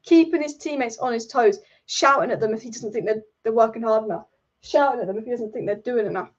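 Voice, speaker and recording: Woman, high voice, blunt, sweary, casual livestream chat, muffled lo-fi sound. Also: fast talker. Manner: blunt, swears freely, repeats herself. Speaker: football channel host. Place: her room at home.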